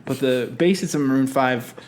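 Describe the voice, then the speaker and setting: A man's voice: medium pitch, normal speed, darkish tone, a little hiss or hum. A man co-hosting a podcast, chatting casually and laughing easily. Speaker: podcast co-host. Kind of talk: casual chat.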